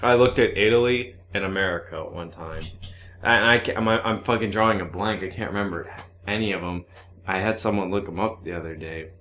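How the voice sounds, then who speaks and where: A man's voice: sits low, fairly quick, a bit bright, slight background noise. A man in casual, crude banter, blunt and profane, laughing a lot.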